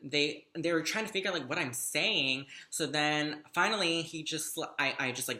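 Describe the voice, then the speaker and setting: A man's voice: a little high, expressive, moderate pace, sharp tone. A young man telling a story to the camera, chatty, gossipy and dramatic, with plenty of swearing. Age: young adult. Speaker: vlogger. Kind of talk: casual storytime monologue.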